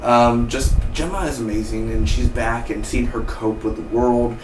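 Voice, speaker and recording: An excitable man rattles through a TV episode review in loose slang. His mid-range voice sits a little away from the mic in a roomy space. A faint hum of ambience sits under it. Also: medium pitch, moderate pace, distant mic. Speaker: TV show reviewer.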